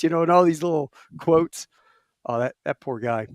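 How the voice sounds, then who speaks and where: Here the host, a man in his late fifties, sounds on the higher side and speaks at a moderate pace, recorded in the studio with no echo. He's animated, laughs a lot, and loudly mimics drill instructors while telling casual stories.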